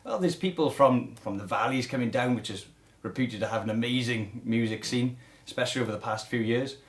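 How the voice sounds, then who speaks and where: A man with a Cardiff Welsh accent, a musician answering interview questions in a relaxed, modest, chatty way. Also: mid-range voice, fairly quick. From Wales. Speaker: musician guest.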